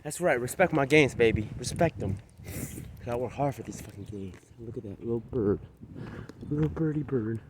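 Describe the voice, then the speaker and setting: This casual walking vlog features a man outdoors speaking into the phone on his selfie stick, winded, cocky and full of swearing. He talks at normal speed with a medium-pitched voice, and there's background noise behind him.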